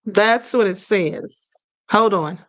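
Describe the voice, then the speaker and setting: A woman's voice: mid-range voice, takes it slowly, a bit bright, dry recording. A woman hosting a spirituality live stream, explaining at a conversational pace, reading viewer comments aloud and often checking in with "okay".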